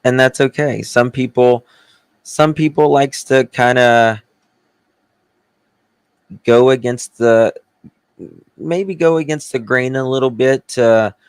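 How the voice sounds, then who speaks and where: A man's voice: mid-range voice, slow pace, long pauses, smooth, dry recording. A man from the South, hosting a casual livestream, chatting and thanking viewers by name, sounding tired. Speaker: livestream host.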